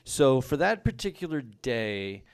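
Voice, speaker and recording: A man from Texas, calmly setting the scene for a funny personal story. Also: medium pitch, measured pace, clear, resonant tone.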